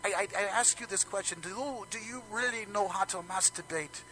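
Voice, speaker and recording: A very high, piercingly bright voice of an elderly woman therapist, put on by a man. She stammers and repeats herself in mock earnest, like a comedy bit on live radio. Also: brisk, faint music behind, rough recording.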